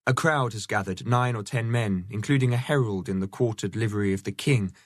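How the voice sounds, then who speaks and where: A man narrating a novel in a measured, even storytelling voice. His pitch sits low, and the recording is dry and close, with no room sound. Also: no echo. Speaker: audiobook narrator. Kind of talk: scripted narration.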